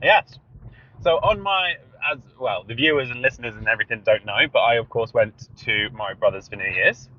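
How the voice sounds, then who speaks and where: A man's voice: mid-range voice, normal speed, lo-fi sound. A man co-hosting a casual podcast chat, telling stories animatedly with frequent laughs and swearing. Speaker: podcast co-host.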